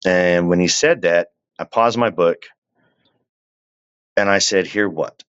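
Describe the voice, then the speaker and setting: Low-voiced man telling a story. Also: fairly bright tone, clean tone, highs cut off. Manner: drawn-out, conversational storytelling with asides to the listener. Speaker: guest telling his story. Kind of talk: casual storytelling.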